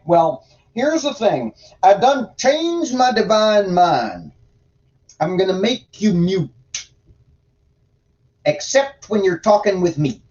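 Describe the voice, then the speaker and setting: A man's voice: high-pitched, a little mellow, lo-fi sound. A man putting on the voice of a bossy, crude male God who drawls and scolds in a folksy, profane, condescending way.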